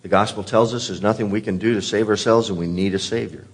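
A man's voice: lowish voice, steady tone, fast, breathy edge. A pastor delivering a sermon, an earnest man who often repeats words as he presses a point.

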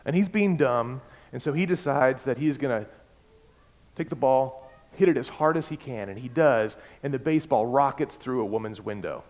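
A man preaching a sermon, emphatic and repeating key words, swinging between loud and soft. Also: medium pitch, moderate pace. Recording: long hall reverb.

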